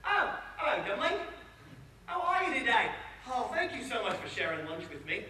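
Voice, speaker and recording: A man's voice: very high-pitched, wildly swooping pitch, moderate pace, pushed and bright, slight background noise, heavily acted. A man voicing a tiny, hungry little man from the woods in a told folk tale, chattering in a fussy way. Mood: chatty. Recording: echoey room from far off.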